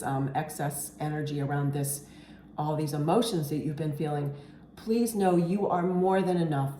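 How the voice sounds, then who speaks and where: A woman's voice: low-pitched, warm tone, roomy sound, a little hiss or hum. A woman giving an earnest, reassuring tarot reading, often checking in with "okay?" and getting emotional at times. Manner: emotional, near tears at moments. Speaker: tarot reader.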